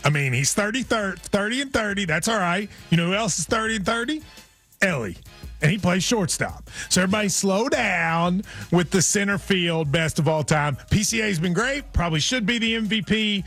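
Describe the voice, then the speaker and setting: A man's voice: sits high, normal speed, faint music behind. A man hosting a sports radio show, talking casually and joking about players. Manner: animated, joking, laughs often.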